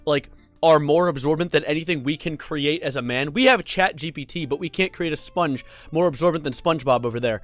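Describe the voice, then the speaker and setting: A man's voice: a little high, fairly quick, soft background music. Goofy rambling young man vlogging. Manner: goofy, rambling, self-mocking asides. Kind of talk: casual rambling vlog. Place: home room with a cat. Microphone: desk mic.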